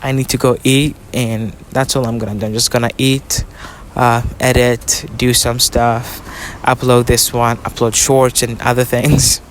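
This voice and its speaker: A man's voice: medium pitch, level tone, unhurried, slight background noise. A young man hosting a podcast episode outdoors, giving earnest self-help advice in a casual, repetitive, affectionate way. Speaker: podcast host. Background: faint outdoor ambience with passing vehicles.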